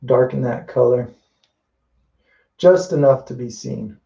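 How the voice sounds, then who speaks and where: Casting note: man painting live on camera, easygoing think-aloud instructor, mellow low-key tone, slightly dull lo-fi sound. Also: slow, gravelly. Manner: relaxed, thinking aloud while painting, many restarts and "you know". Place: indoors at a painting wall.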